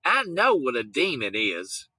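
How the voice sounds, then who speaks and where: A man's voice: mid-range voice, wildly swooping pitch, unhurried, pushed and bright, husky, dry recording, heavily acted. A man voicing an earnest young farm girl who sincerely defends her pet pig.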